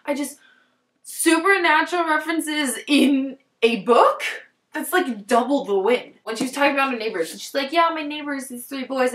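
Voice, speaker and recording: Excitable chatty woman, roomy echo. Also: fairly high pitch. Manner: excitable and rambling, heavy use of "like". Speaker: book reviewer. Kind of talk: casual book talk vlog. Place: top-floor apartment at home.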